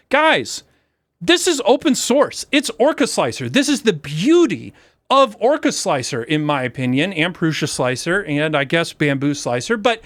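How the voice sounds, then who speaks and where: A man hosting a casual tutorial vlog, talking fast through fillers, getting excited and joking about himself. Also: fairly high pitch, no echo. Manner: excitable, self-deprecating, rambling with fillers. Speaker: maker video host. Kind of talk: casual screen-share tutorial.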